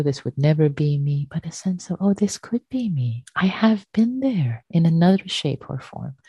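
A woman giving a gentle dharma talk as a meditation teacher, repeating phrases softly. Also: low voice, slightly rough, no room sound.

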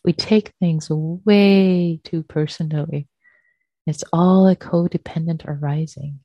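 A woman with a low, breathy voice gives a gentle dharma talk at an unhurried pace. She repeats phrases softly, like a meditation teacher. The sound is dry and close. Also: steady tone, no echo, muffled recording.

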